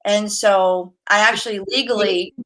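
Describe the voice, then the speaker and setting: Bright-voiced woman telling lively stories. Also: mid-range voice, normal speed. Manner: lively storyteller, laughs often, acts out quotes. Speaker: guest, massage therapist. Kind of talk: casual interview chat.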